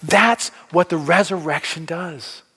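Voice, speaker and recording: Male pastor preaching, kinda higher voice, chatty with questions, long church reverb. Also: a little slow, sharp tone, breathy edge. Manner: conversational, asks the congregation questions. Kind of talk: sermon. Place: church hall.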